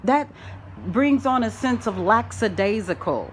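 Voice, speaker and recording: A spiritual self-help vlogger with a lowish voice delivers a slow, animated, rambling spoken-word monologue outdoors. She plays with words and rhymes in a sing-song way, drifting between loud proclamations and murmured asides. Crickets and insects chirp faintly behind her, along with a little hiss or hum.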